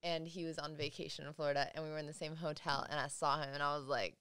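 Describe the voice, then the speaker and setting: A woman's voice: sits low, flat delivery, fast, a bit bright, clean tone, dry recording. A young woman guest telling stories in a casual, chatty, giggly way on a podcast. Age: young adult. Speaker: guest, social media creator. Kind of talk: casual chat.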